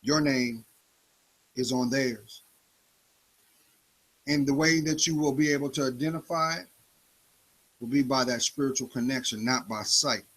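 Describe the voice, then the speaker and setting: A man's voice: medium pitch, a little slow, long pauses, fairly bright tone, rough recording. A man delivering a preachy spoken-word monologue, confronting the listener with rhetorical questions.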